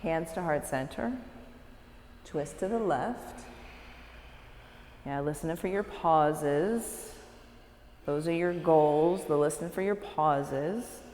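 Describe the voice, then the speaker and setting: A woman, a yoga teacher leading a live class with slow, calm cues and encouraging asides. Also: deep voice, a little hiss or hum. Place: yoga studio, large room. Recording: echoey studio recorded live from a distance.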